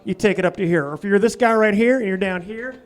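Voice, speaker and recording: A man's voice: fast, close to an everyday voice. A man doing Corky, a folksy Southern preacher-politician. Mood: preachy. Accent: put-on US Southern. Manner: preachy, folksy, voice raised high. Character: folksy, ignorant Southern male politician preaching life advice. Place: radio studio.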